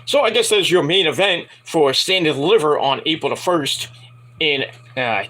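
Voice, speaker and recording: A man's voice: a little high, expressive, normal speed, sharp tone, low-quality recording. A man giving a casual, rambling wrestling review from home at night, profane and frustrated.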